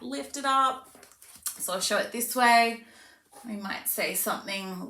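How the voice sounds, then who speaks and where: A woman's voice: fairly high pitch, unhurried, long pauses, sharp tone, distant mic. A woman speech pathologist, explaining tips to parents in a friendly way. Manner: friendly explaining, switches to sing-song play voice for demos. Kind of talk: parent tips video with demonstrations. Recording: echoey room, voice a bit off-mic.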